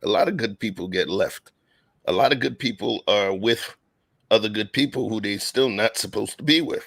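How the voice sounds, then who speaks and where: A man co-hosts a relaxed talk show, his voice rough and gravelly. He talks in an emphatic, slangy way, close to a dry microphone with no room sound. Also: fairly low pitch, normal speed, no room sound. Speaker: podcast co-host. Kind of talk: casual commentary chat.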